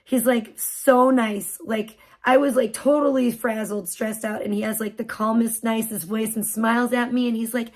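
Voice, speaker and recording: A woman's voice: on the high side, steady tone, moderate pace, hardly any pauses. A woman live streamer telling a story in a rambling, frazzled way and swearing freely. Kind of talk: casual storytelling on a livestream.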